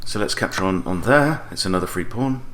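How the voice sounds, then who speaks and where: A man's voice: low-pitched, expressive, fairly quick, echoey room, slight background noise. A man coaching chess, thinking aloud as he plays and weighing each move, often stopping to correct himself. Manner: analytical, weighs moves out loud, self-correcting. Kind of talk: thinking aloud while playing a chess game.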